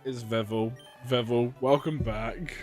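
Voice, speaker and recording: A man's voice: mid-range voice, steady tone, measured pace, darkish tone. Brief: British male streamer, loose and jokey, swears freely, mid-range voice, faint music underneath. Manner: joking, swears often, laughs at himself. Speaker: game streamer. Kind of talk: casual live-stream chat with viewers.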